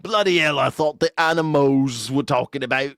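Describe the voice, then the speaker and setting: An American man putting on a pompous, prim, posh British voice with a drawn-out, exaggerated lilt. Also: medium pitch, fairly bright tone, no room sound, studio quality, lightly acted. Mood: mocking, prissy.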